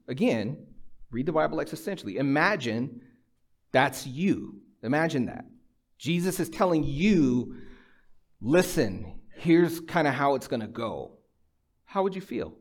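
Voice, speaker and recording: A middle-aged man preaching a sermon, mixing personal storytelling, dry humor and emphatic, conversational exhortation. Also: mid-range voice. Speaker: pastor.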